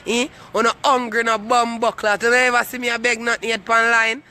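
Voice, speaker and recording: Brief: Jamaican man, very high bright voice, swaggering, crude, taunting his online critics. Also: little pitch movement, fairly quick, smooth. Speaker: comic vlogger. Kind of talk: boastful comic rant to camera.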